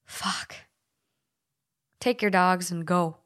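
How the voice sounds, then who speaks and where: A woman podcast host from Minnesota talks in a loose, casual way and swears freely. She fills her sentences with "like" as she chats and reads listener stories aloud. Her voice sits at an ordinary middle pitch. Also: normal speed, gravelly, fairly bright tone.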